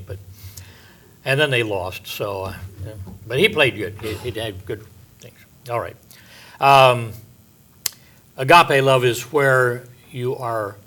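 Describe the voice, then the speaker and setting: An older man preaching a Bible-teaching sermon as a pastor, conversational and folksy, with homey asides, frequent fillers, and drawn-out stresses on key words. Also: medium pitch, a bit bright, husky.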